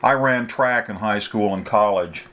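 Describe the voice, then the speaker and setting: A man reading a story, voicing a playful, quick-witted young woman who is a runaway heiress. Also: lowish voice, sharp tone.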